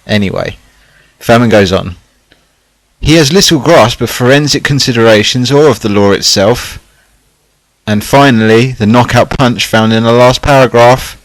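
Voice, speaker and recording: A man's voice: mid-range voice, moderate pace, no echo, low-quality recording. A man narrating a scripted documentary in a sardonic way, with catty asides.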